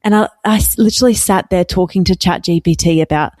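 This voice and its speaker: A woman in her thirties co-hosting a podcast, telling rambling, animated stories. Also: fairly low pitch, fast, no echo, studio quality. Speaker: podcast co-host. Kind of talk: casual chat.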